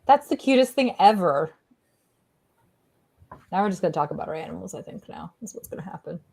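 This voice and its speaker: A woman in casual chat, bubbly and animated, often slipping into playful voices for her pets. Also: fairly low pitch, brisk, creaky, breathy edge. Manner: bubbly, playfully acts out pets' thoughts in voices. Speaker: co-host of a pet healing livestream.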